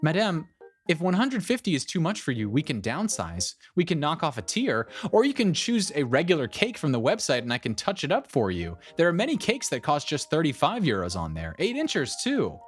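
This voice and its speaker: A man voicing a patient, polite woman baker who stays calm and firm, with background music. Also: on the high side, fairly quick, voice pushed up.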